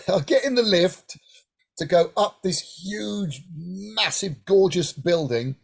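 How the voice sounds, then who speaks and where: Husky middle-aged man telling stories. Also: sits high, takes it slowly. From England, Hampshire. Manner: animated anecdotal, frequent "right?" asides. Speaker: guest singer-songwriter. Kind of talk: casual interview storytelling.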